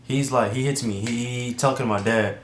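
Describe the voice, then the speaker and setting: A man's voice: medium pitch, fairly even intonation, a little fast. A young man from Atlanta telling a personal story to camera in a rambling, slangy way, full of restarts and asides. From Atlanta, USA. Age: young adult. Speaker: YouTuber. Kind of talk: casual storytime monologue. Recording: roomy echo, faint background noise.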